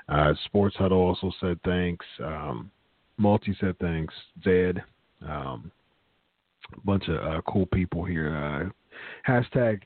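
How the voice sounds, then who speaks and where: A man's voice: lowish voice, no room sound. Guy hosting a live stream, rambly, tons of uhs, sounds like a phone line, super dry. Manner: rambling, filler-heavy, repeats himself. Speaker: wrestling talk show host reading live chat. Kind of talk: casual live-stream chat.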